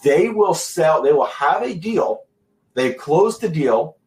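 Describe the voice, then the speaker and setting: A man's voice: on the high side, sing-song, a little mellow. Emphatic man coaching in an echoey room. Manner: emphatic, deliberate pacing with long pauses. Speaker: sales trainer. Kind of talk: instructional talk to camera.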